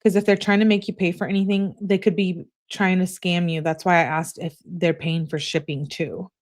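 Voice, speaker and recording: A young man defends himself and explains in his texts, read aloud by a woman. The voice stays her own, a little low, with no attempt at a male voice. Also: flat delivery, normal speed, close to an everyday voice. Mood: defensive. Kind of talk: reading text messages aloud.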